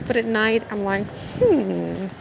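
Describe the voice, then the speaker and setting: A woman's voice: mid-range voice, unhurried. A woman in her fifties, rambling in a casual vlog with lots of fillers and self-mocking asides, a little anxious as she walks. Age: 50s. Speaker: vlogger. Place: city street at night. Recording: outdoor street noise. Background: traffic and street noise.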